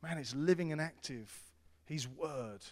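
A middle-aged man preaching a sermon as pastor, earnest and repetitive, swinging between loud appeals and hushed tones. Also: on the high side, a little slow. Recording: long hall reverb.

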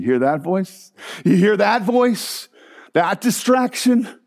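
A man preaching a sermon as pastor, animated and emphatic, with frequent restarts. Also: high voice, slow.

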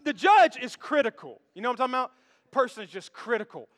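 A man preaching from a church stage with a very high, bright voice. He keeps it playful and conversational, joking with the congregation. The sound rings out with the long reverb of a big hall. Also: sing-song, fast talker. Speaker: pastor. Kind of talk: sermon.

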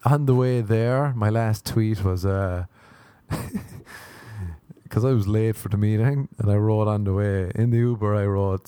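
An Irish man spins loose, self-mocking comic stories, circling back on his own words for laughs. His voice is mellow and on the darker side, recorded close and dry. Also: lowish voice, a little slow, dry recording. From Ireland. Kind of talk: rambling comic storytelling.

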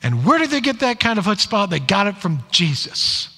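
Guy preaching w a high bright voice, acts out the stories, big echo from a church hall. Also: normal speed, husky. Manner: animated storytelling, acts out quoted lines. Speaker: pastor. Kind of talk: sermon. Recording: long hall reverb.

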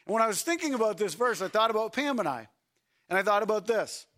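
A man preaching a sermon as pastor, swinging between shouted lines and soft, quiet ones, and asking the congregation rhetorical questions. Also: high-pitched, lively intonation, fast talker.

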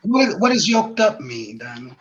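A man hosting a casual chat, cutting in with quick, playful questions. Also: high-pitched, very animated, dull audio, a loud crowd. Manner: eager listener, quick playful interjections. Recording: loud background noise.

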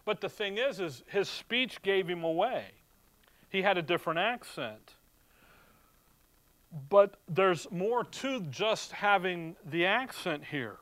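A man's voice: high-pitched, expressive, slow pace, a bit bright. A middle-aged man as a pastor, preaching in a conversational way and reading scripture aloud to his church. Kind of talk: sermon.

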